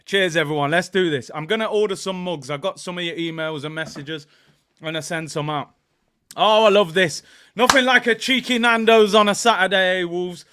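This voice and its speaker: Young guy hosting a football watchalong, high bright voice, smooth, shouts out chat names. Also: normal speed. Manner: excitable, shouts and cheers at goals; gives shout-outs to chat viewers. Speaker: watchalong host.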